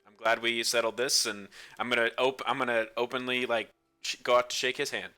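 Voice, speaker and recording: A man's voice: medium pitch, level tone, a little fast, bright, forceful tone, clear, resonant tone, soft background music. A man playing a tabletop game who speaks in character as a lord, assured and courteous. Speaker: player.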